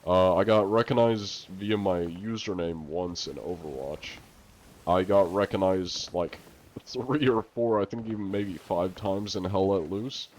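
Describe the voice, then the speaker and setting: A young male streamer with a low, deep voice chats loosely with his viewers. He rambles, fills gaps with "like" and "um," and swears now and then. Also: unhurried, a little mellow. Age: young adult. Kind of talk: casual stream chat answering viewer questions.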